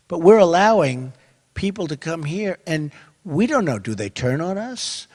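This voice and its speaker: A candidate in his seventies addresses a rally in a large hall, repeating himself emphatically and swinging from quiet asides to loud bursts. His voice sits on the high side with big pitch swings at a normal speed, and the hall echoes with the crowd behind him.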